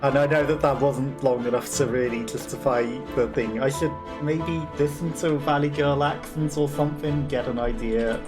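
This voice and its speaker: A woman's voice: a bass voice, normal speed, few pauses, over music. A Welsh woman streaming a game with casual, self-deprecating commentary and frequent laughter. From Wales. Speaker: let's play streamer.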